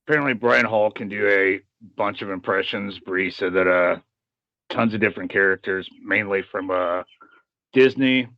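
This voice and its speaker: A man's voice: lowish voice, pushed and bright, no room sound. Man, casual podcast co-host, swears a lot, dull lo-fi mic, dry sound. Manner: swearing, reads news out haltingly. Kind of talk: casual chat.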